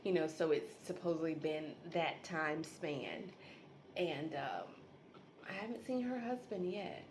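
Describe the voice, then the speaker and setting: A woman's voice: sits low, expressive, measured pace, noisy background. A woman hosting a casual solo podcast from home, rambling, laughing often and talking to listeners as y'all. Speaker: podcast host.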